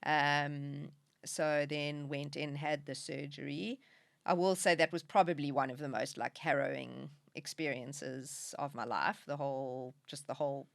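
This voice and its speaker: A woman's voice: sits low, fairly even intonation, a little slow, creaky, no room sound, studio quality. A middle-aged woman, a podcast guest, speaking candidly in a conversational interview. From South Africa. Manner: candid, emotional at times, laughs through tears.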